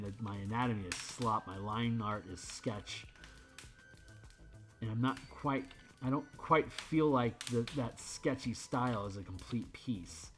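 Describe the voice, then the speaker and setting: Rambling, candid man chatting while drawing. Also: medium pitch. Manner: rambling, candid, swears freely. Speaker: streamer drawing art. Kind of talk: casual rambling stream chat.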